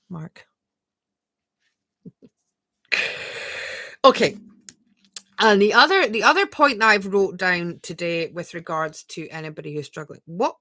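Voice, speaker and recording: A woman coaching viewers on a live stream, talking gently and asking a lot of rhetorical questions. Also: medium pitch, no echo. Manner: reads viewer comments aloud and answers them. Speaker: spiritual coach.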